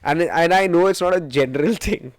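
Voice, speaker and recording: A man's voice: a little high, a little fast, no room sound. A young man in his twenties with an Indian English accent, hosting a casual solo podcast and telling stories in a rambling, profane, self-mocking way, with Hindi words mixed in. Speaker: podcast host.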